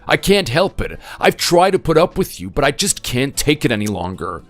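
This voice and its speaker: A man's voice: mid-range voice, big pitch swings, normal speed, soft background music, lightly acted. A man voicing an exasperated son-in-law in a voice-acted text story, speaking bluntly and scolding. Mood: angry.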